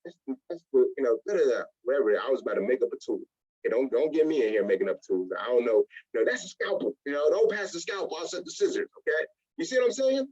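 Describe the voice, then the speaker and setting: In a muffled recording, a man with a mid-range, husky voice talks fast while leading a motivational business training. The network marketing trainer is animated, slipping into different voices to act out little scenes.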